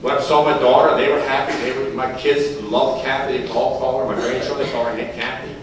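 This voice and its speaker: A man's voice: medium pitch, level tone, brisk, noisy background. Older man, folksy storyteller in echoey hall. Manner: folksy, repeats phrases, chuckles through stories. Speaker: recovery meeting speaker. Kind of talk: storytelling speaker's talk at a meeting. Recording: very echoey hall, heard from far off.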